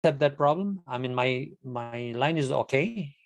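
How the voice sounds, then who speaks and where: A man's voice: medium pitch, expressive, a little slow, gravelly, no room sound. Man from kenya running an online meeting, stumbles and repeats himself, super dry close sound, mid voice. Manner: chatty, repeats words while thinking. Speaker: meeting host. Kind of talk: casual video-call hosting. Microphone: video call.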